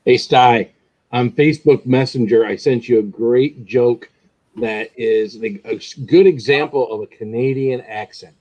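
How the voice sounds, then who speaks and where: A man's voice: mid-range voice, unhurried, mellow, lo-fi sound. A man chatting casually on a live stream, eager to share a joke.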